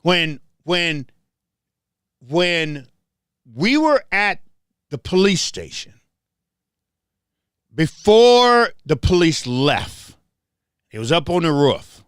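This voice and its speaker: Emphatic man with a lively voice. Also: fairly high pitch, extremely slow, long pauses, clear, resonant tone, no echo, clean studio sound. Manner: repetitive, restarts phrases, emphatic. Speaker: show host. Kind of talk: casual commentary monologue.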